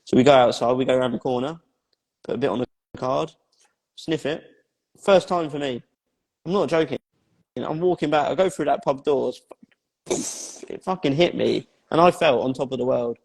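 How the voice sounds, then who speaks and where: A man's voice: medium pitch, moderate pace, vocal fry, a little mellow, breathy edge. A man tells his own life story as an interview guest, talking bluntly, swearing often and repeating phrases for emphasis. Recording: long hall reverb.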